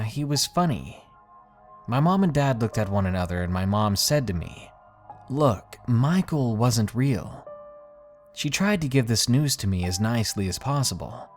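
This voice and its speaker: A man reading out a creepy first-person story as a scripted narration, with an expressive storytelling delivery. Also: on the low side, normal speed, faint music behind.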